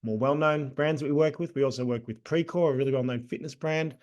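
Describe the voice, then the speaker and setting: A man's voice: mid-range voice, a little fast, dull audio. Chatty Australian man getting over a cold. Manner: relaxed, chatty, with many ums. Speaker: guest, agency co-founder. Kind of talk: casual interview talk.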